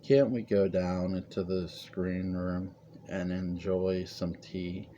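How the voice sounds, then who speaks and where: A man's voice: low voice, level tone, slow, mellow, dull audio, a little hiss or hum. A man reading the lines of a grown daughter who soothes and coaxes her mother. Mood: weary. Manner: soothing, coaxing. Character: grown daughter, gentle and coaxing woman.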